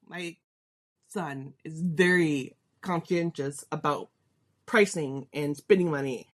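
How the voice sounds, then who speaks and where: A woman's voice: low-pitched, slow. A middle-aged woman hosting a podcast, telling a personal story in a chatty, candid way. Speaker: podcast host.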